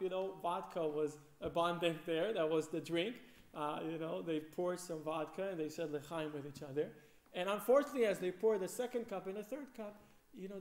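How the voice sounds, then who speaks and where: A man giving a sermon on the weekly Torah portion, telling a story with lively acted-out quotes and frequent fillers. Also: on the high side. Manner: animated storyteller, acts out quoted voices, many fillers. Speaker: rabbi. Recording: echoey room.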